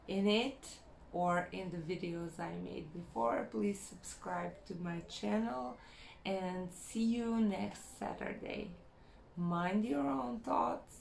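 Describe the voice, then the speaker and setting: Woman vlogger, frank self-help talk, slow and measured, roomy echo. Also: mid-range voice, creaky. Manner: unhurried, frank, repeats phrases for emphasis. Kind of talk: casual motivational talk to camera. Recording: echoey room with faint background hum.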